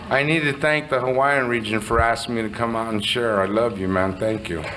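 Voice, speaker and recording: A middle-aged man from Southern California, sharing his recovery story in a candid, animated way and swearing casually. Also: medium pitch, fairly quick, heavy background noise. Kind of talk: personal storytelling speech.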